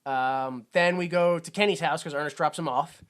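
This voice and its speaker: A man's voice: fairly high pitch, moderate pace, a bit bright, clean tone. A man co-hosting a podcast, rambling through a casual comedic movie discussion with lots of fillers and laughter. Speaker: podcast co-host.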